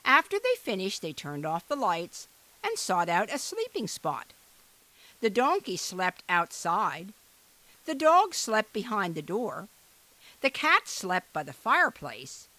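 A woman reading a children's fairy tale aloud in an expressive, animated way. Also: mid-range voice, slow. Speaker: storyteller. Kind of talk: storybook read-aloud.

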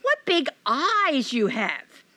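A small storybook girl speaks in a high, wondering voice, drawing out her words, voiced by a woman reader. The tone is bright and lively over a dry, close sound. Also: slow pace, no room sound, heavily acted. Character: young innocent girl in a red hood.

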